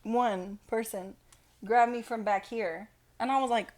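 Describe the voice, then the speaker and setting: A woman's voice: on the high side, steady tone, unhurried, over a noisy crowd. A woman co-hosting a podcast in casual chat, blunt, profane and playful. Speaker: podcast co-host.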